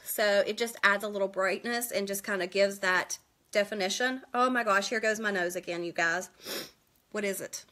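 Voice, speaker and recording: A woman from West Virginia hosting a casual live makeup tutorial from home, chatty and quick, greeting viewers by name. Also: medium pitch, sharp tone. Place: at home indoors.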